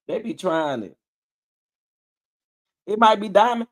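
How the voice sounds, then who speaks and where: Brief: male livestreamer, high and swooping voice, sassy and animated, casual rant. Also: slow pace. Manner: sassy, animated, laughing often. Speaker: livestream host.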